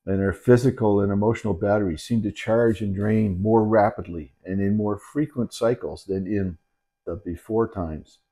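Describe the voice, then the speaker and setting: A middle-aged man, a dementia caregiver, talking candidly and haltingly in a reflective personal video, with many restarts. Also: fairly low pitch, fairly even intonation, warm tone. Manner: earnest and candid. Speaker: dementia caregiver and channel host. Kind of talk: reflective personal talk to camera.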